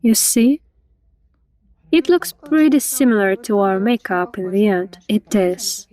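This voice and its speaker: A woman's voice: medium pitch, expressive, measured pace, warm tone. A woman in a dubbed casual conversation during a makeup session, talking in short, chatty questions and replies. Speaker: vlogger reviewing a makeup artist.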